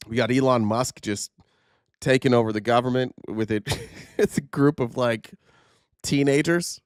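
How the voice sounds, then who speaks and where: A man's voice: medium pitch, normal speed, no room sound, clean studio sound. Sarcastic man riffing on headlines. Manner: sarcastic, rambling, frequent fillers. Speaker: commentary host. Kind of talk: casual news commentary.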